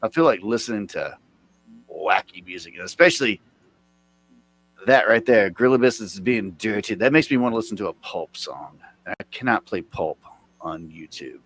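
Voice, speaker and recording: A man chatting casually on a live stream, rambling and swearing with sudden loud outbursts. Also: fairly low pitch, expressive, normal speed.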